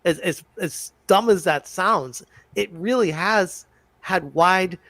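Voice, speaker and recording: Give me a man with a higher voice, rambling. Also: slow pace, a bit bright, no echo. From Italian heritage. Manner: conversational, rambling with restarts. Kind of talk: casual podcast chat.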